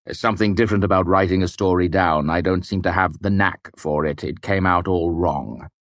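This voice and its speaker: A man reading the part of a wry innkeeper storyteller, with calm, amused, dismissive delivery. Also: deep voice, a little fast, no echo.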